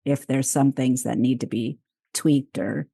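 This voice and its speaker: A woman's voice: very deep voice, steady tone, unhurried, creaky, warm tone, breathy edge, dry recording, clean studio sound. A woman hosting a podcast, speaking thoughtfully and casually in a reflective interview. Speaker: podcast host.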